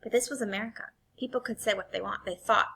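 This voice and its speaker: A woman reading a novel aloud in an expressive way, shifting between quiet and intense passages. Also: mid-range voice, fast, creaky, husky. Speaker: reader.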